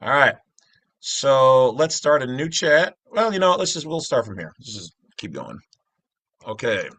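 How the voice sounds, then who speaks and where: A middle-aged man hosting his own channel explains something casually over a screen, rambling with jokey asides and frequently interrupting himself. His voice is medium-pitched, very animated, unhurried and a bit bright, with no room sound.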